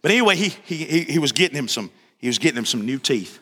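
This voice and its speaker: Male pastor, animated storytelling sermon, bright high voice, echoing church hall. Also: fast, slightly rough. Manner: animated storyteller, joking, repeats phrases.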